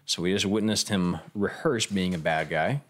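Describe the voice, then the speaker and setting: A man's voice: low-pitched, normal speed, a bit bright. A man casually commentating on a game as he streams it, joking and reading the dialogue aloud.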